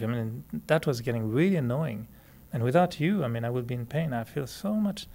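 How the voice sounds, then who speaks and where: A man with a French Canadian accent, a native French speaker, teaching meditation in a relaxed, chatty way, laughing often and restarting sentences. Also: mid-range voice, fairly quick, vocal fry, hardly any pauses. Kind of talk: relaxed spoken talk to a group.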